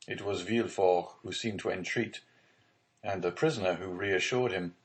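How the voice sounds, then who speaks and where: A man narrating a classic novel as an audiobook reader, in measured, even storytelling. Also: low-pitched, poor audio. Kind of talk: scripted narration.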